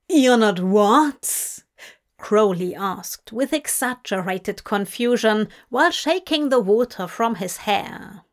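A woman reading fanfiction aloud as an audiobook, telling the story slowly and deliberately. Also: mid-range voice. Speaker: audiobook reader.

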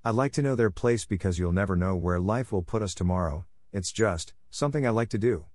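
A man voicing a kind young woman, a gentle librarian, in a reassuring tone. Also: lowish voice, lively intonation, brisk, no room sound, clean studio sound, natural voice.

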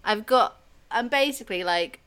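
A woman putting on a slow, over-bright voice as an inoffensive female children's TV presenter in an improvised comedy bit. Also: fairly high pitch, expressive, clear, resonant tone. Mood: chirpy. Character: bland, cheery female kids' TV presenter.

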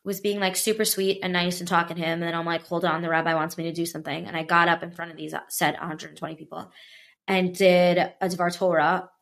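A woman's voice: lowish voice, little pitch movement, fast, creaky, fairly bright tone. A woman telling a personal story in casual chat, acting out quoted voices with animation. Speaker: guest.

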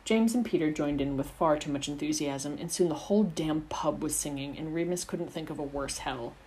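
A woman's voice: low-pitched, normal speed, a little mellow, slight background noise, poor audio. A woman reading a fan fiction story aloud as the narrator. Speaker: narrator, audiobook reader.

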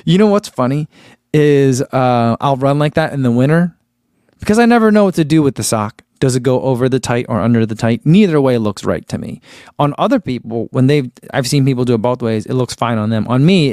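A man's voice: medium pitch, animated, fairly quick, a little mellow, no echo, clean studio sound. A man reviewing running gear in a casual live chat, musing aloud with fillers and reading out viewer comments.

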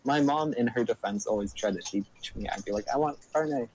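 A man's voice: on the low side, a little fast, a little mellow, slight background noise, low-quality recording. A young man with a slight Spanish-tinged English accent, co-hosting a podcast and telling stories in a loose, rambling way full of "like" and fillers. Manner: rambling, heavy use of "like" and fillers. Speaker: podcast co-host. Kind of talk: casual chat storytelling.

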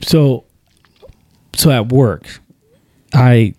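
A man in his thirties, a podcast co-host in casual chat, telling animated stories and acting out what he says. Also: mid-range voice, extremely slow, dry recording. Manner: animated storyteller, acts out quotes.

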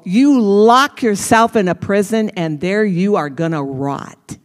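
Slow, emphatic preacher in a reverberant hall. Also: medium pitch. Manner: emphatic, repeats phrases, calls on listeners directly. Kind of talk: sermon.

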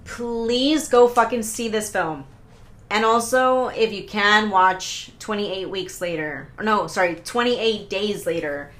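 A woman hosting a solo podcast, talking in an excitable, rambling way, swearing often, stopping herself and restarting, pacing as she talks. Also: mid-range voice, slow pace. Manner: paces around while talking. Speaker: podcast host. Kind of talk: casual solo podcast rant.

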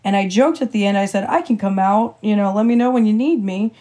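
A woman's voice: medium pitch, brisk. A young woman co-hosting a podcast, chatting casually and telling stories, acting out the people she quotes. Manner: animated storyteller, acts out quotes with a lifted voice. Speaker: podcast co-host. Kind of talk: casual storytelling chat.

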